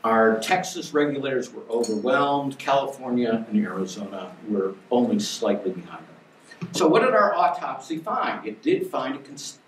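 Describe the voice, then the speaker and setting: An older man giving an academic lecture as a guest lecturer, emphatic and wry, with lively bursts of stress on key words. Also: mid-range voice, slight background noise. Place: lecture hall. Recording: echoey hall from far off.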